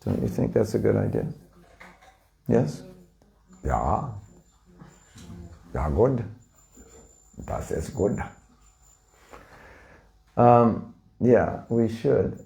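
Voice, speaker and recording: A spiritual teacher with a low-leaning, dark, creaky voice speaks extremely slowly, animated but with long pauses. In his informal lecture to a live audience, he talks conversationally, often asks them questions, and acts out little scenes.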